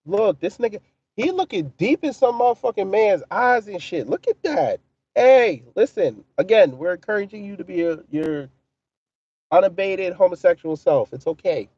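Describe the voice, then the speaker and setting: Brief: male stream host, mocking and profane, dark tone, dull dry stream audio. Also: sits high, expressive, normal speed, no echo. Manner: profane, mocking, reads and answers chat. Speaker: livestream commentary host. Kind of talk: casual livestream commentary.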